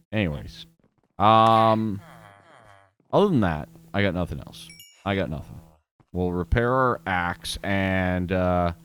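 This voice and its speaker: A man hosting a gaming video, giving casual gameplay commentary in a chatty, self-mocking way and talking straight to his viewers. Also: fairly low pitch.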